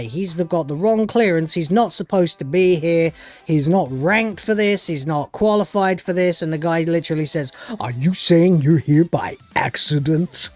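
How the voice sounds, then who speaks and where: A man giving a casual spoken recap of a TV episode as a reviewer, sarcastic and dismissive, rambling with many fillers. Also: a little high. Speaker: show reviewer.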